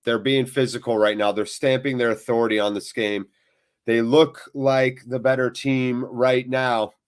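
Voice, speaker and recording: A man hosting a live football watchalong, commentating on the match and chatting with viewers, with loud reactions to big moments. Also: medium pitch, flat delivery, a little slow, clear, resonant tone. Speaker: watchalong host.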